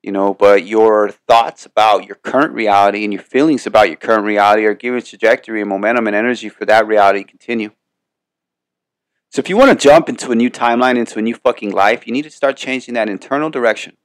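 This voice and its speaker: A man's voice: fairly low pitch, steady tone, quick pace, dry recording. A man hosting a podcast, giving a casual motivational monologue in a rambling, emphatic way full of swearing. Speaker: podcast host.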